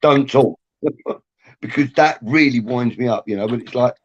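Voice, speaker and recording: Man, middle-aged, mid-pitched, emphatic, opinionated, casual live chat. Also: normal speed, muffled recording, a little hiss or hum. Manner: opinionated, emphatic, repeats himself.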